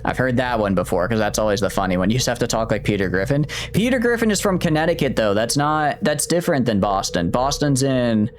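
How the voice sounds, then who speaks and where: A man's voice: mid-range voice, expressive, a little fast, few pauses, a little hiss or hum. A man streaming a game, chatting casually and thinking aloud in a rambling way with lots of fillers. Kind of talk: casual gameplay commentary.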